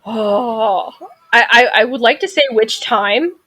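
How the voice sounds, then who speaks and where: A veterinary technician in her thirties tells stories as a guest on a casual podcast, chatting in a sassy, outspoken way during an interview. Her voice is fairly high-pitched and a bit bright, and she takes it slowly.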